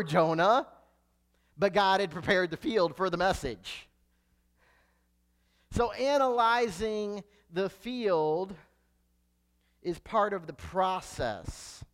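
A man's voice: high voice, a bit bright. A man preaching a sermon, reading scripture and then explaining it in an earnest storytelling manner.

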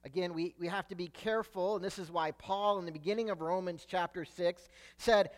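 A man preaching a sermon, emphatic, swelling loud on key words and sinking low and quiet at the ends of phrases. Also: brisk, few pauses. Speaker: pastor.

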